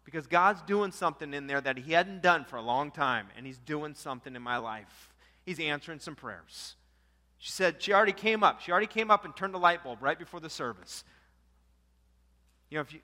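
A man's voice: on the high side, big-room sound. A man pastor preaching a sermon, telling a story and acting out its characters' lines. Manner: animated storyteller acting out quotes.

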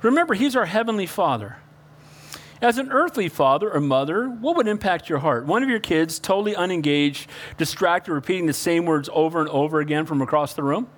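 A man preaching a sermon, calling out for amens and swinging between loud emphasis and hushed pleading. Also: a little high, expressive, fairly quick. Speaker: pastor.

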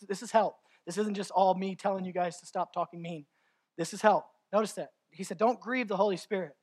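A man preaching a sermon as pastor, candid and confessional, building at times to near-shouting passion. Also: sits high.

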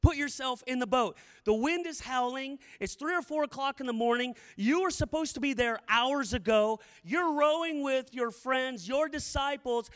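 A man's voice: very high voice, normal speed, few pauses, fairly bright tone, big-room sound. A middle-aged male pastor preaching a sermon, telling the story dramatically and repeating phrases for emphasis.

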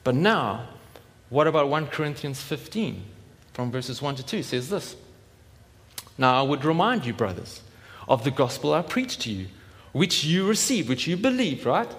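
A man preaching in a relaxed, chatty manner, acting out the voices of imagined listeners. His voice sits somewhat high for a man. It rings with a long reverb, as in a church hall. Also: normal speed. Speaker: pastor. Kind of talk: sermon.

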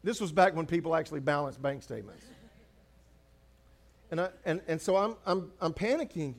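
Pastor, male, high-set voice, chatty humorous preaching with repeated lines. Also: lively intonation, moderate pace. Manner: conversational preaching, humorous asides, repeats phrases for emphasis. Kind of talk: sermon.

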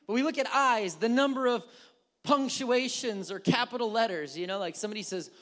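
A man's voice: very high voice, a little fast. A man preaching a casual, conversational sermon as pastor, acting out little dialogues in changing tones. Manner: animated, acts out little dialogues with shifting tones.

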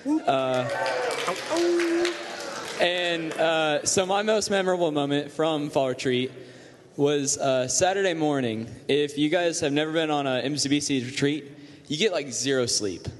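A man's voice: a little high, a little slow, long reverb tail. A teenage boy casually and self-mockingly telling a group a story. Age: teens.

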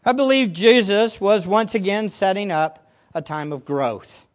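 A man preaching a sermon as pastor, animated, swinging between quiet asides and loud emphatic lines. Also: sits high, a little slow. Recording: dull lo-fi recording.

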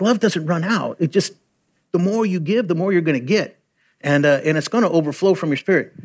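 An earnest male preacher speaks in a conversational way. His voice sits a little higher than most men's, and he often pauses with "uh" or restarts a sentence. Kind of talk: sermon.

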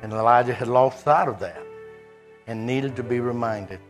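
A man preaching a sermon, animated and conversational, voicing God in quoted speech. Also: medium pitch, normal speed, soft background music.

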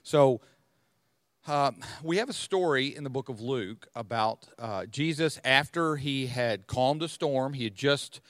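A man hosting a podcast, explaining Bible passages in a relaxed way and thinking aloud as he goes. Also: mid-range voice, a little slow, no room sound. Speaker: podcast host teaching the Bible. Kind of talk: conversational Bible teaching.

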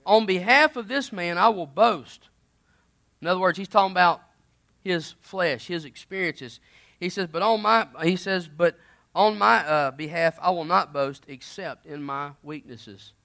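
Preaching conversationally, this man swings between emphatic loud moments and hushed side remarks. He has a high voice with vocal fry and talks a little slowly.

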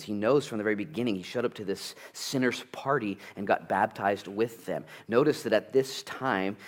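A man preaching a sermon at a church, conversational and animated, full of asides and rhetorical questions. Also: lowish voice. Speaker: pastor.

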